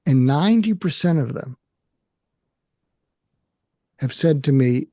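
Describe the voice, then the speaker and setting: An older man with an American accent, a psychiatrist speaking candidly and haltingly about his own feelings in an interview. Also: a little high, lively intonation, mellow, no room sound, studio quality. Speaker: guest, psychiatrist. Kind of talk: emotional personal conversation.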